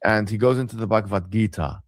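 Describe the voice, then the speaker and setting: A man's voice: on the low side, quick pace, no echo, studio quality. A man arguing insistently in a debate call, repeating himself to press his point. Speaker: debate show host.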